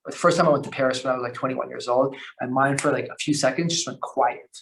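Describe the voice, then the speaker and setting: A man telling long stories as a podcast guest, rambling and animated, with lots of fillers, restarts and slang. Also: medium pitch, quick pace, creaky, a little hiss or hum. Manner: slangy, calls the host bro. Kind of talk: casual storytelling conversation.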